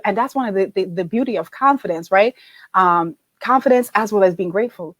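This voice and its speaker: A middle-aged woman with a fairly high voice coaches a live-stream audience and answers their comments. She talks in a chatty, encouraging way and often tags her points with "right?". The sound is close and dry. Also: dry recording. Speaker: confidence and leadership coach.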